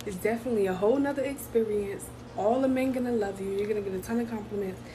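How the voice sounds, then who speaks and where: A woman's voice: mid-range voice, fast. A woman chatting casually to camera with laughing asides. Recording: clear background noise.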